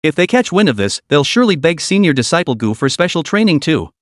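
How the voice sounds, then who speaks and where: A man voicing a stern, boastful elderly sect elder who scolds and plots in hushed tones. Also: fairly high pitch, big pitch swings, fast talker, no echo, studio quality. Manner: scolding, conspiratorial.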